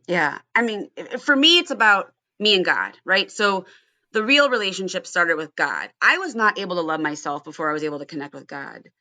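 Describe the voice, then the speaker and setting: A woman's voice: on the low side, expressive, fairly quick, pushed and bright, dry recording. A woman from Ohio hosting a casual recovery podcast, earnest and storytelling, often asking her guests questions. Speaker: podcast host.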